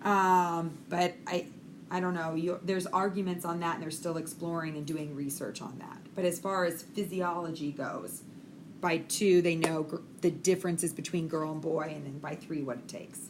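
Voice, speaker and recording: A woman's voice: fairly low pitch, fairly even intonation, normal speed, noisy background. A middle-aged woman giving a recorded lecture on child development as an instructor, talking frankly and chattily with many fillers.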